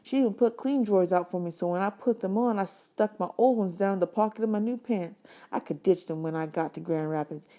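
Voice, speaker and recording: A woman, a teacher, reading a chapter book aloud in a steady storytelling manner. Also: mid-range voice, a little fast. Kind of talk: audiobook read-aloud.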